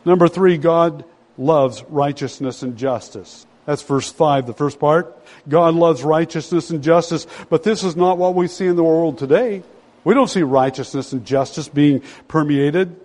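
A man preaching a sermon in a slightly high voice, pressing on key words and pulling the congregation in with rhetorical questions. His voice rings out with a long hall reverb around it. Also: measured pace, darkish tone. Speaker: pastor.

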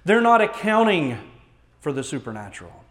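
A man with a Texan accent preaching a sermon as pastor, reading scripture aloud and explaining it with earnest emphasis, moving between loud stresses and quiet, low passages. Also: sing-song, normal speed.

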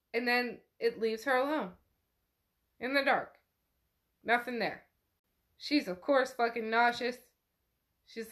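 Woman, podcast host, casual book recap, fairly high voice, chatty, swears, says "like" a lot. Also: fairly bright tone. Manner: profane, chatty retelling full of "like".

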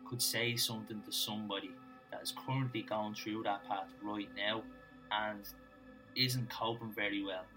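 A man hosting a podcast interview, asking earnest questions in a halting way with many fillers. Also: lowish voice, pushed and bright, poor audio. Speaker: podcast host.

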